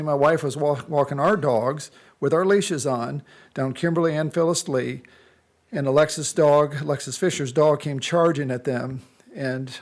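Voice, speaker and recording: A man's voice: fairly high pitch, a little mellow. A man giving an indignant, complaining public comment at a county board meeting. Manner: indignant, complaining, reading a prepared statement. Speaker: resident speaking at public comment.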